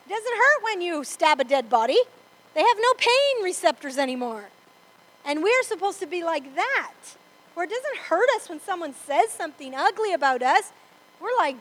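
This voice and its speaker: Before a congregation in church, a woman delivers a sermon with emphasis, repeating herself for stress and often asking, "Amen?" Her very high-pitched voice is expressive and a bit bright, at normal speed, on a rough recording.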